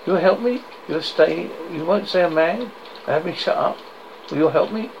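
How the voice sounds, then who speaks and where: A man reading the part of a feverish, desperate bedridden man who begs to go to his dead wife, in a gravelly voice with broken repetitions. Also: high-pitched, moderate pace, pitched above the performer's own voice. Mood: pleading. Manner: pleading, frantic, broken repetitions. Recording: dull lo-fi noisy recording.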